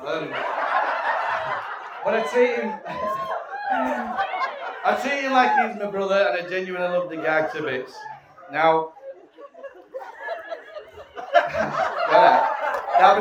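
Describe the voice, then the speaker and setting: A man tells cheeky stories as best man, with a bit of swearing. His pitch swings widely. He is heard from a distance in a reverberant hall with loud background noise. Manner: cheeky storytelling, playful swearing. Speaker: best man giving a wedding speech. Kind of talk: wedding speech to guests. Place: wedding reception hall. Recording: echoey hall from far off, loud room noise.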